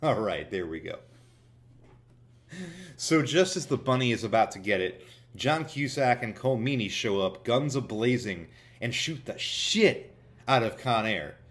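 A man giving a jokey movie review, recapping the plot with sarcasm and plenty of irreverent asides. His pitch sits in the middle range. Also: expressive, unhurried, a bit bright. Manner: sarcastic, irreverent, laughs at his own jokes. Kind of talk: comedic movie review narration.

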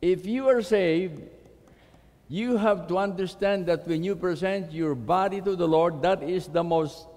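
Filipino preacher in a reverberant church. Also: male voice, high-pitched, unhurried, a little mellow. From Philippines. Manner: emphatic, quizzes the congregation for responses. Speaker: pastor. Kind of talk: sermon. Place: church sanctuary.

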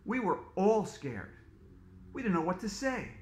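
A playful man reads his own story aloud to children, teasing his listeners between chapters. His voice sits high and swings lively up and down. The sound carries the echo of a roomy space. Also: unhurried. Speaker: author reading his book to children. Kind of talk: storytelling read-aloud for kids.

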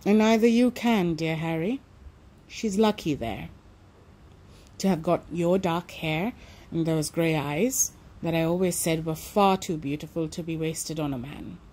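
A woman reading aloud voices a proud, insistent mother in an audiobook, raising her pitch and speaking emphatically. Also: measured pace, a little mellow. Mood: coaxing. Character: proud anxious middle-aged mother, sharp.

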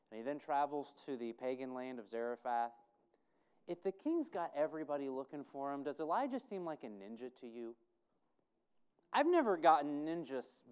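A man's voice: mid-range voice, a little mellow, clean tone. A man preaching a conversational sermon, putting questions to his congregation and thinking aloud. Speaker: pastor.

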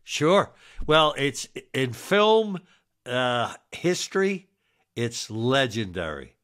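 A jovial podcast co-host with a bright, forceful tone. He talks slowly and takes his time, laughing often and nudging the conversation onward. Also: mid-range voice, very animated. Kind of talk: casual chat.

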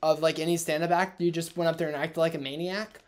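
A young man hosting a casual gaming chat, excitable and laughing, prone to loud outbursts. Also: fairly high pitch, quick pace. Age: young adult. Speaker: gaming channel host.

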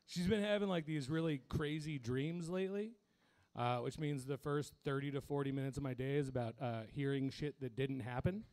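A man's voice: medium pitch, moderate pace, pauses often, a little mellow. A young man doing a crude, self-deprecating stand-up set, laughing at his own jokes. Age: young adult. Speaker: stand-up comedian.

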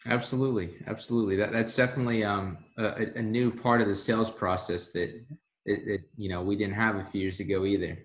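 Male podcast host, lowish voice, roomy echo, quick affirmations and follow-ups. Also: steady tone. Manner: affirming, asks short follow-up questions. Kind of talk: casual interview talk.

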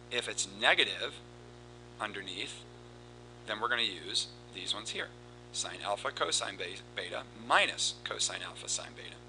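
A man teaching a recorded math lesson, explaining steps in a steady, explanatory way and reciting formulas in a rhythmic cadence. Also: on the low side, gravelly, a little hiss or hum, poor audio. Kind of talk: recorded lesson with board work.

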